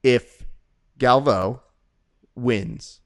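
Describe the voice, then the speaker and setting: Guy cohosting a grappling watch-along, jokey quick asides, dry close sound. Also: medium pitch, no room sound. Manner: joking, animated, quick asides. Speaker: podcast co-host. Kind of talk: casual live commentary chat.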